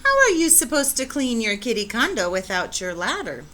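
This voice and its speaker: A woman's voice: on the high side, sing-song, bright, forceful tone. A woman voicing a fussy, bossy mother cat who speaks emphatically in a storybook reading. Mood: scolding. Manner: emphatic, drawn-out.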